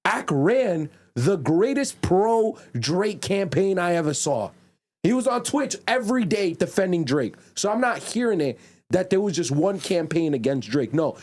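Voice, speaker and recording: A man's voice: a little high, big pitch swings, moderate pace, darkish tone. A man co-hosting a podcast, arguing emphatically and spelling out his reasoning as if lecturing. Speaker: podcast co-host. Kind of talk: casual podcast debate.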